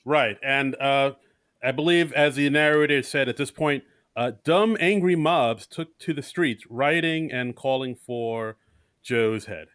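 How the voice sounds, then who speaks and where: Man, podcast co-host, bright voice, dry close recording, playful retelling. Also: mid-range voice, unhurried, clean tone, no echo. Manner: jokey, acts out characters' lines. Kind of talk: casual movie recap chat.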